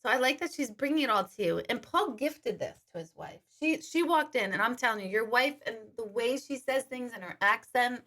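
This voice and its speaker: A woman's voice: fairly high pitch, lively intonation, a little fast, few pauses, fairly bright tone. A woman working as an intuitive medium, chatting casually on a live stream, reading viewer questions aloud and laughing often.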